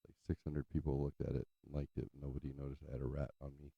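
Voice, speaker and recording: A man's voice: rumbling low, level tone, fast, vocal fry, breathy edge, no echo, muffled recording. A man from California telling a rambling story in casual, profane chat, full of fillers, as host of his show. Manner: loose, profane, chatty, trails off in filler. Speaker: podcast host.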